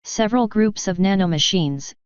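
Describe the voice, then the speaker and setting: A woman's voice: mid-range voice, normal speed, smooth, dry recording, muffled recording, lightly acted. Woman reading as a huffy male fire elemental. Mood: gruff. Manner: huffy, growling.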